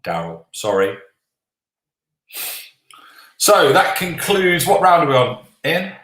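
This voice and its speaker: This quiz host has a fairly high, sing-song voice with a bit of brightness, and the room around him echoes. Running a live online quiz with casual banter, he takes the answers slowly, teases the players, and says sorry whenever he lets a swear word slip.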